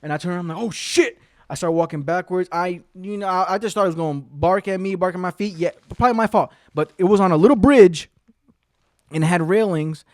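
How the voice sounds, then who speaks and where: Clean studio sound with no room noise carries this man's high, fast voice. Hosting his own podcast, he tells a rambling, heavily profane story in a casual monologue, performing the lines of the people involved.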